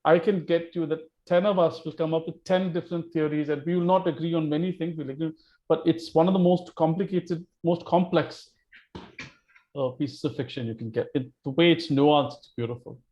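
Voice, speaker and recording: A man leading a casual book-club discussion, emphatic and animated, often restarting his sentences. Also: a little high, a little fast. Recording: muffled online call audio.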